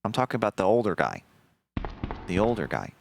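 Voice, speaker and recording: Brief: low-voiced male streamer, swooping lively delivery, loose profane chatter, faint hiss behind. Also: fairly quick, creaky. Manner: rambling, profane, animated storytelling. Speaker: game streamer. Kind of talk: casual gameplay commentary.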